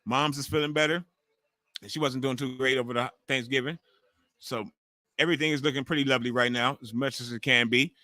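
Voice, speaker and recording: A man's voice: medium pitch, fairly even intonation, fairly quick, pushed and bright, no echo. A middle-aged man hosting a live watch-along stream. He chats casually and profanely, talking straight to his viewers. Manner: loose, profane, talks straight to the chat.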